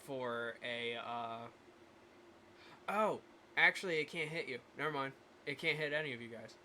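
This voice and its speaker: A man acting as game master on a live stream, thinking aloud with many pauses as he runs the scene. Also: mid-range voice, sharp tone, slight background noise.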